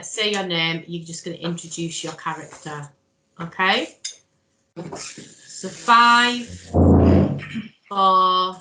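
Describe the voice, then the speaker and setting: The workshop leader here is a woman whose medium-pitched voice sounds pushed and bright as she coaches a drama exercise one step at a time, offering encouragement. There's a little background noise, and the room echoes.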